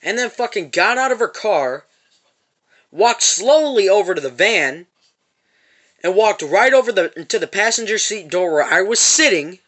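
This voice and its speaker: Angry storytime vlogger, man, high bright voice, swears constantly. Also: animated, normal speed. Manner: profane, repetitive storytelling. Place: parked van.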